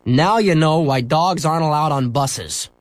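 A man's voice: fairly high pitch, moderate pace, no room sound, pitched above the performer's own voice, lightly acted. A man reading a storybook aloud and voicing a snappish, impatient male bus driver. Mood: stern. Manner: snappish, scolding.

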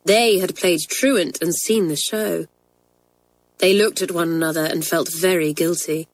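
A woman's voice: lowish voice, a little slow, no room sound, low-quality recording. Woman reading a storybook aloud. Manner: expressive, lively reading. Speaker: narrator. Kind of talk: storybook narration read aloud.

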